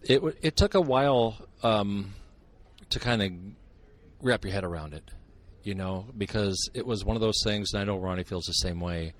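A man's voice: fairly low pitch, moderate pace. An older man from Montana, a guest author telling stories in a casual, joking podcast interview. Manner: joking, sarcastic, animated storyteller. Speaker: guest, author and Bigfoot researcher.

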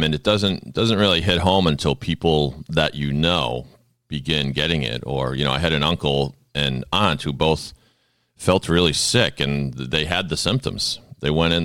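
A man's voice: a bass voice, a bit bright, dry recording, studio quality. A man hosting a podcast interview in a chatty, jokey way. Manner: chatty, jokey, showman-like openings. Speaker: podcast host. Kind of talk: casual interview chat.

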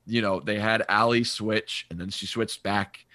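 A man with a fairly low, forceful voice argues his point in a casual podcast chat. He talks emphatically and trips over his words as he goes. The sound is dry and close, with little room in it. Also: fairly even intonation, unhurried, no echo. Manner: opinionated, emphatic, stumbles and restarts.

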